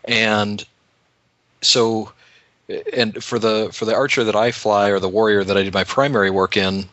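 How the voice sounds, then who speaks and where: A man, a guest pilot, explaining procedures in a thoughtful, measured way in casual chat. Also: fairly low pitch, little pitch movement, fairly bright tone, no room sound. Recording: slightly dull, dry audio.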